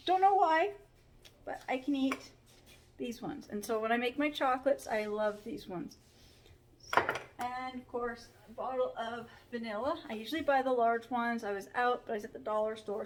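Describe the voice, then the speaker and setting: A woman chatting casually in a home vlog, rambling with frequent ums while sounding tired. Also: on the high side. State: tired, yawning. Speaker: vlogger. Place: home kitchen pantry.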